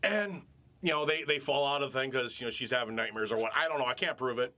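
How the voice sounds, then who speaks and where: A man co-hosting a casual podcast chat, telling a story in an animated, profane way. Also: medium pitch, fast talker. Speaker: podcast co-host.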